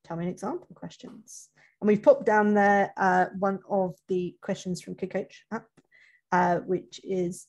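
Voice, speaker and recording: Woman interview coach, low husky voice with a gravelly edge, chatty webinar talk, restarts her sentences a lot. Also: moderate pace, darkish tone. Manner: chatty, self-correcting, many restarts.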